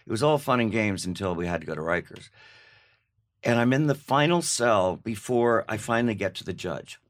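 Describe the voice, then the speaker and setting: A man, a podcast guest, telling an animated, self-mocking story about his past. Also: fairly low pitch, moderate pace. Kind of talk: storytelling in conversation.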